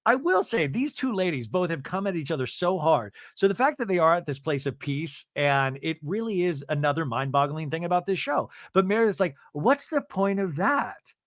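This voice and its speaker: A man's voice: on the high side, sing-song, normal speed, hardly any pauses, a bit bright, dry recording, clean studio sound. A man hosting a comedy podcast, recapping a reality show and mimicking the cast in exaggerated voices. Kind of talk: comedic recap with mock quotes.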